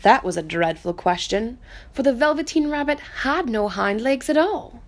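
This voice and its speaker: A woman reading a children's storybook aloud in a gentle, soft, unhurried way. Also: fairly high pitch, expressive.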